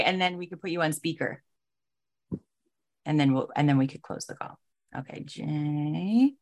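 A woman's voice: deep voice, normal speed, vocal fry, long pauses. A woman hosting an online training call, upbeat and chatty, speaking through a computer mic. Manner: upbeat, chatty, flustered by tech trouble.

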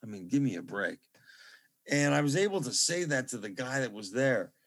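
Middle-aged male guest on a video call, medium pitch, rambling, gushing, reverent storyteller. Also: very animated, moderate pace, fairly bright tone. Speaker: musician guest. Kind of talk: casual interview chat.

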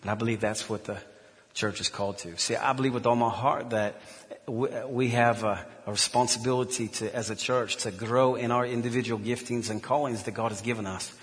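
A man's voice: mid-range voice, fairly even intonation, fairly quick, big-room sound. A man preaching a sermon in church, telling a personal story earnestly, with frequent restarts. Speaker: pastor.

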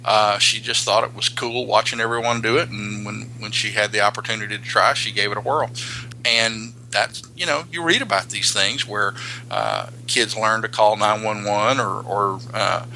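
Gravelly, bright-voiced male podcast co-host. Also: fairly low pitch, fairly even intonation, moderate pace, a little hiss or hum, rough recording. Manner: rambling, many restarts and fillers. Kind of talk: casual podcast chat.

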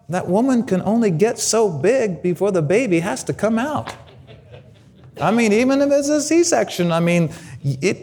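A middle-aged man delivers a sermon as a guest pastor. His pitch swings widely as he preaches, and he often repeats his words. Now and then he acts out shouts of praise.

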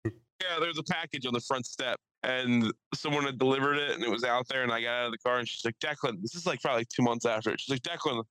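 A young man co-hosting a podcast, telling a story and acting out the people in it with lively voice changes. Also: mid-range voice, fast, clean tone, dry recording, low-quality recording. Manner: animated, acts out quotes in shifting voices. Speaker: podcast co-host. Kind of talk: casual storytelling chat. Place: studio.

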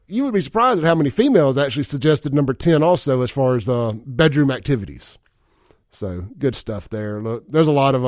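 A man's voice: medium pitch, darkish tone, dry recording. A man hosting a casual talk radio show in a studio, chatting, chuckling often and reading listener texts aloud. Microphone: studio microphone.

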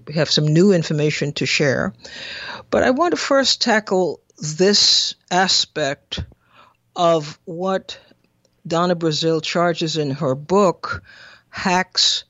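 A woman hosting a political interview, speaking in a measured, deliberate way. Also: lowish voice, no echo. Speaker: show host. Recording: dull dry lo-fi recording.

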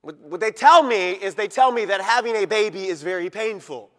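A man with a high voice delivers an emphatic sermon, moving from loud to quiet and stretching out key words. His voice rings with the long reverb of a large church sanctuary. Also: lively intonation. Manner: emphatic preaching, swinging between loud and quiet, slowing for stress. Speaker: pastor.

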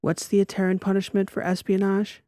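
A woman's voice: mid-range voice, completely flat delivery, brisk, mellow, no room sound, clean studio sound, voice pushed up, lightly acted. A man voicing a nervous, sardonic woman doctor. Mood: wry, nervous. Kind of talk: audiobook character voice.

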